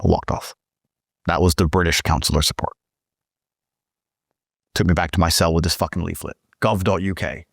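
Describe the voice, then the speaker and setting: A man's voice: low-pitched, moderate pace, vocal fry, long pauses, husky, no room sound, studio quality. A man telling a story casually, indignant and swearing often. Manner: profane, indignant, animated. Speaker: guest storyteller.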